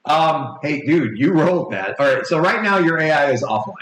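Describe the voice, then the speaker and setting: A man in his forties running a tabletop game for his kids, rambling and playful, slipping into quick character voices. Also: fairly high pitch, lively intonation, fairly bright tone. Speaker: game master. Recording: echoey home room with faint noise.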